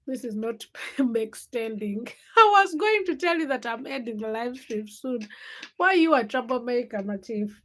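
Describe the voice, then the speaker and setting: A woman's voice: on the high side, animated, normal speed. A young woman hosting a casual late-night livestream, chatting and teasing viewers by name as she reads their comments. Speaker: livestream host.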